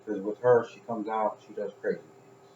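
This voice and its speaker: Low-voiced man rambling in an echoey room. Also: flat delivery, normal speed, mellow, a little hiss or hum. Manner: rambling storytelling, swears, laughs at own stories. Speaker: podcast co-host. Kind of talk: casual chat. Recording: echoey room, dull sound.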